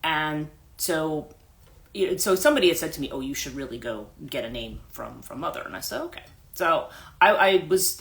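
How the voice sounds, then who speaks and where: A woman's voice: extremely low pitch, a bit bright. A woman life coach hosting a livestream, telling a story casually with many restarts and asides, into a phone mic.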